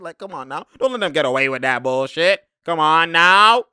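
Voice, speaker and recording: Sports commentator, male, bright and clear, excitable and slangy, dry close mic. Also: high-pitched, moderate pace, no echo. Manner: excitable, laughs often, slangy, shouts at players. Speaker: sports commentator breaking down game film. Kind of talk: casual game breakdown commentary.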